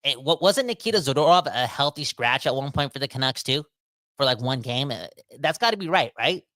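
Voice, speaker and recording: A man hosting a casual sports podcast, talking in a rambling, animated way that keeps interrupting itself. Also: mid-range voice, brisk, no echo. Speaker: podcast host.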